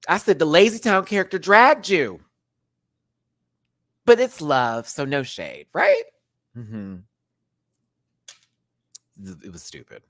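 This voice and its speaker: A man's voice: fairly high pitch, big pitch swings, slow, long pauses, fairly bright tone. A man hosting a live stream, giving casual, sassy, campy commentary on a reality competition show and talking straight to his viewers.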